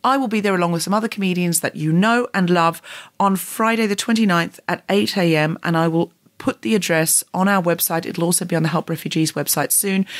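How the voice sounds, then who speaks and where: A woman podcast host making an earnest, persuasive announcement to her listeners. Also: on the low side.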